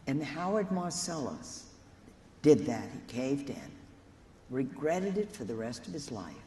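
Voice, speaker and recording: In an echoey hall with faint background noise, a nun with a deep, dark-toned voice gives a sincere, story-driven keynote speech, speaking straight to an audience of lawyers.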